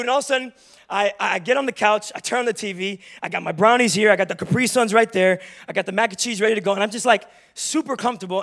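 Fast-talking young male pastor, high voice. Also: gravelly, fairly bright tone. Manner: humorous, confessional storytelling. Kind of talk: sermon. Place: church.

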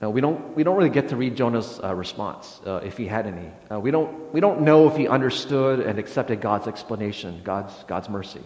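A man's voice: mid-range voice, animated, brisk, few pauses, a little mellow, roomy sound, big-room sound. A man preaching a sermon as pastor, speaking hesitantly with frequent restarts and fillers, recorded in a church sanctuary.

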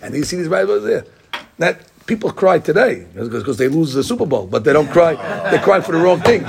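A man's voice: a little high, big pitch swings, fairly quick, creaky, a crowd in the background. A middle-aged man, a rabbi, gives an informal Torah class, talking conversationally with digressions and many restarts.

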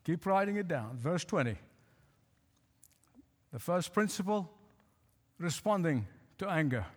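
A male pastor preaching a sermon, emphatic, repeating phrases and slowing to stress lines. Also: fairly high pitch, lively intonation, slightly rough. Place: church. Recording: hall reverb.

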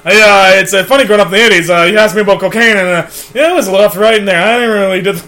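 A man's voice: sits high, steady tone, very fast, gravelly, sharp tone, full character voice. A man impersonating a manic rambling comedian. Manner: frantic, jumping between silly voices and bits. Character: manic famous male comedian, hyper and rambling.

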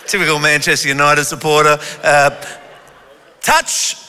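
Male pastor, unhurried, very bright tone; teasing crowd work that builds into strong sermon delivery. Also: on the high side, expressive, a little hiss or hum. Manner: playful and teasing, then rising to forceful preaching. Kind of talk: sermon with audience participation. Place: church hall. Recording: echoey hall reverb.

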